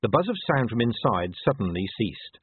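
A man reads an audiobook in a measured, expressive voice with a lively pitch. His tone is husky. The sound is thin and dry, like a phone line. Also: no room sound. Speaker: audiobook narrator. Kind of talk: audiobook narration.

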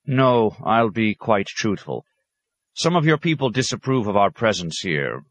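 A man voicing a clever male scholar who speaks in a courteous, measured, diplomatic way. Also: fairly low pitch, sing-song, fairly bright tone, no echo, voice pushed up, exaggerated voice. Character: polite, clever male scholar, a traveling outsider.

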